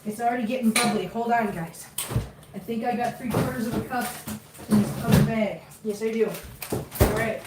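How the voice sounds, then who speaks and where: A woman's voice: fairly high pitch, normal speed, distant mic, very noisy. A woman vlogging as she cooks in her home kitchen, talking chattily to her viewers and cats and sounding a bit flustered. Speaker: cooking vlogger. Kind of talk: casual cooking chat to viewers. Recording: echoey kitchen, voice off-mic.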